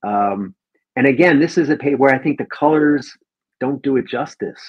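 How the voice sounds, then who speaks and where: Husky man, guest collector, rambling, dull lo-fi call audio. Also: mid-range voice, animated, moderate pace. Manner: enthusiastic, rambling, many ums. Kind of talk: casual chat about comic art.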